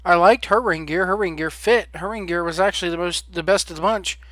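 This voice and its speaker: Man, high voice, podcast host, blunt, sarcastic, lots of ums, close dry mic. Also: brisk, fairly bright tone, dry recording. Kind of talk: casual opinion rant.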